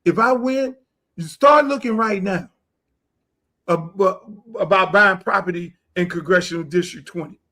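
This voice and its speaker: A middle-aged man hosting a podcast, ranting loudly and boastfully, with a lot of profanity. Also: sits high, a little slow. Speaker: podcast host. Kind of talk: heated casual talk.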